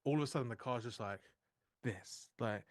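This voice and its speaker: A young man co-hosting a live trading stream, chatting casually and telling animated stories, swearing freely. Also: medium pitch, normal speed, dry recording, clean studio sound. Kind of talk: casual storytelling chat.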